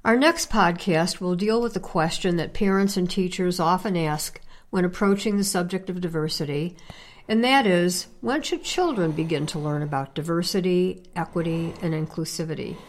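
A woman co-hosting a podcast, asking questions and closing the show in a measured, earnest way. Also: fairly low pitch. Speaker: podcast co-host.

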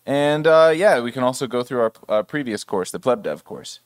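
A man's voice: medium pitch, expressive, normal speed, dry recording. A man casually presenting at a developer meetup, rambling a bit with fillers.

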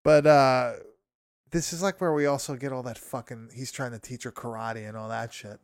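A man's voice: medium pitch, fairly even intonation, moderate pace, clean tone, no room sound, studio quality. A young man casually recapping a horror movie, swearing, laughing often and rambling through fillers.

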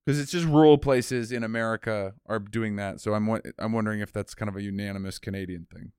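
Teasing podcast co-host, smooth and dry. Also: male voice, on the low side, steady tone, fast, darkish tone, no echo. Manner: teasing, filler-heavy questions. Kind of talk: casual podcast banter.

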